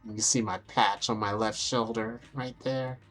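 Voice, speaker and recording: A woman's voice: a bass voice, steady tone, normal speed, soft background music. A young adult woman vlogging casually, brash and profane, amused at herself as she talks through photos. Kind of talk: casual vlog talk over photos.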